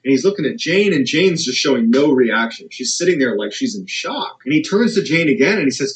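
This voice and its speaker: His pitch swinging widely, a man recounts a dramatic true scary story and builds suspense by raising his voice toward the tense moments. He talks a little fast with hardly any pauses, and the recording is poor.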